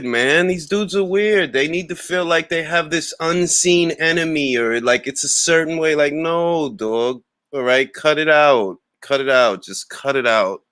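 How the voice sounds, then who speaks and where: A man's voice: a little high, normal speed, fairly bright tone, dry recording, studio quality. A man hosting a boxing talk livestream, ranting and trash-talking a rival with mocking laughs and greeting chat viewers. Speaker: boxing talk show host.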